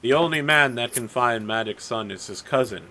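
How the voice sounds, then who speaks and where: Man playing a cryptic, ominous magic eagle, low and curt, gravelly voice. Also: normal speed, bright, forceful tone, slight background noise.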